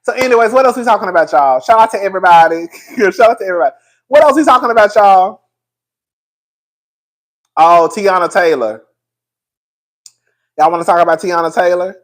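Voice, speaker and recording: Animated, profane gossip host, a man. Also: high voice, fairly quick, long pauses. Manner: animated, profane, laughing often. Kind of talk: casual gossip commentary.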